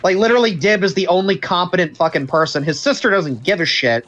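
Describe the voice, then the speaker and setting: A person casually chatting and joking over a game stream, animated and prone to mock-dramatic rants. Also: medium pitch, quick pace, lo-fi sound.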